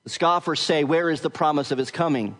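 High-voiced male pastor in a reverberant hall. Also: fairly quick, a bit bright. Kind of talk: expository sermon.

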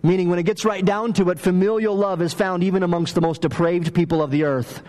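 High-voiced man preaching a sermon. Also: steady tone, fast talker, darkish tone. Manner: conversational, story-driven preaching with asked questions. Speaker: pastor.

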